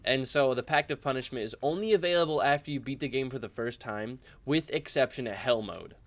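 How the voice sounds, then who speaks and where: A young man chatting casually in a rambling, animated way while playing a video game for his channel. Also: mid-range voice, a little fast. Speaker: gaming channel host. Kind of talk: casual let's-play commentary.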